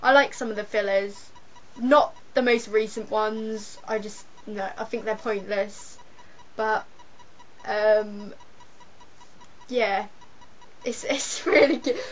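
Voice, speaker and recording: A woman's voice: mid-range voice, slow, long pauses. A young woman chatting casually, hesitant and rambling, giggling at times. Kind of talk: casual chat. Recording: dull lo-fi webcam audio with faint hiss.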